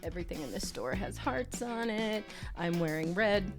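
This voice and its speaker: A woman's voice: mid-range voice, lively intonation, normal speed, over music. This is a woman with a Southern US accent, chatting her way through a tarot reading on a podcast. She is playful and talkative, and she slips into sing-song asides. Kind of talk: casual chat with tarot reading.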